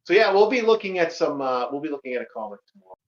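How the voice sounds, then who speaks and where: A man's voice: a little high, sing-song, rapid-fire, lo-fi sound. A man hosting a casual group voice call, loose and joking, swearing casually, recorded on a home computer mic. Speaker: host.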